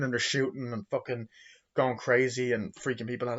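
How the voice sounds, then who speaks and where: A young man in his twenties giving a rambling, profane movie review, acting out quotes in silly high voices. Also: flat delivery, normal speed, a bit bright, muffled recording. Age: 20s.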